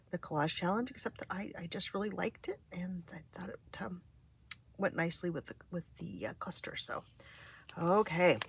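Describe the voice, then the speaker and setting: A middle-aged woman talks in a soft, half-whispered way, her voice weak and craggy with plenty of gravelly fry. She wanders through her thoughts with fillers and restarts, pitched a little low. Faint noise sits under the recording. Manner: relaxed and meandering, with many fillers and restarts. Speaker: craft vlogger. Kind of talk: casual chat during a journal flip-through. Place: home craft space.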